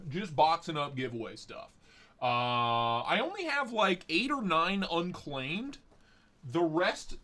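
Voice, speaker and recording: Male live-stream host, casual chat, rambling jokey delivery, fairly high voice. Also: a bit bright. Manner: rambling, joking, profane. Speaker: livestream host.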